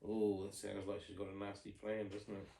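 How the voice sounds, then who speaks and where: A man's voice: fairly low pitch, completely flat delivery, moderate pace, creaky, mellow, a little hiss or hum. A man reading a bedtime story aloud to his child, adding playful asides and questions. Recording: echoey room.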